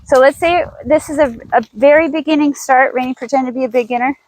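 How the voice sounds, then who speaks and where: A woman's voice: sits high, quick pace, darkish tone, rough recording. A woman horse trainer teaching outdoors in a riding arena, chatty and thinking aloud with restarts as she coaxes her horse.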